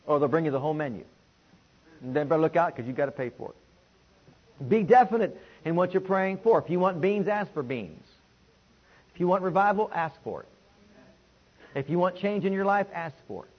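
Husky-voiced man preaching a sermon. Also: a little high, lively intonation, moderate pace, long pauses. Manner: call-and-response preaching, swings between loud and hushed. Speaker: pastor. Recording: dull lo-fi recording.

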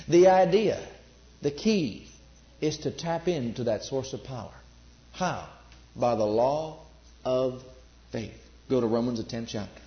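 Emphatic preacher in a roomy hall. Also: male voice, medium pitch, animated, a little slow, long pauses. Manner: emphatic, repeats phrases, asks the audience questions. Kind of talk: sermon. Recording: roomy, dull lo-fi sermon recording.

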